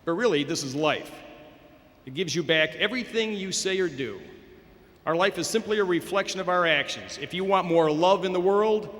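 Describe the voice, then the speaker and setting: A wise, gentle father calmly explaining a lesson to his young son, as a man telling the story puts him on. The voice is bright and forceful, with an instructive, storybook calm, and it rings through a large hall with a long echo. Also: sits high. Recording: echoey hall over a public address system.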